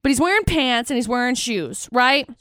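Bright high-voiced woman radio co-host. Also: moderate pace, smooth, dry recording, studio quality. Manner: animated storyteller, acts out quotes. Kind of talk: morning radio banter. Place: radio studio. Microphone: studio mic.

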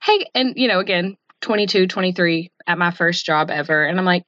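A woman's voice: on the low side, fast talker, hardly any pauses, a bit bright, no echo, dull audio. Candid, swearing young woman podcast host. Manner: candid, swearing, acts out quotes. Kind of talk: casual storytelling chat.

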